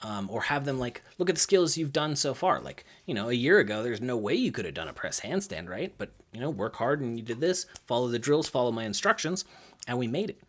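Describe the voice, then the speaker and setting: This is a lively young man, a gymnastics coach, giving a casual on-camera talk about coaching work. He leans on lots of fillers and performs kids' remarks in higher-pitched voices, keeping things brisk.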